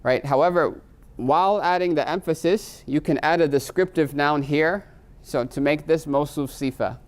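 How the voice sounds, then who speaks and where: A middle-aged man leads a live Arabic grammar class, explaining patiently, shifting between English and Arabic terms, and checking in with "right?" again and again. His voice is a little high and moves at normal speed.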